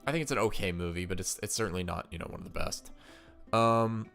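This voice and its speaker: A man's voice: deep voice, fast talker, vocal fry, fairly bright tone, faint music behind. A stuffed-up man chatting casually to viewers while ranking movies, thinking aloud with fillers and restarts.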